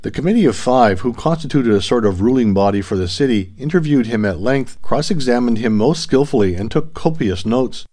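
Man, audiobook narrator, scripted narration, mid pitch, even delivery. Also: a little fast, few pauses.

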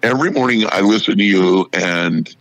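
A man's voice: deep voice, moderate pace, no echo, rough recording. A middle-aged man casually telling a long anecdote and acting out the voices of the people in it. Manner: animated anecdote teller who acts out quoted voices. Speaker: radio show personality. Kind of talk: casual storytelling.

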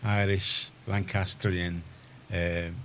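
Deep-voiced Liverpool radio host. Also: male voice, flat delivery, drawn-out words, a bit bright, a little hiss or hum. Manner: rambling, chatty, many restarts. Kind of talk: casual studio chat. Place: community radio studio.

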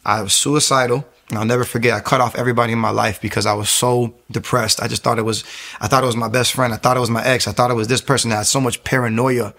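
A man's voice: medium pitch, fairly even intonation, fast talker, gravelly, a bit bright. A young man giving a candid, earnest personal testimony, often stopping and restarting his sentences.

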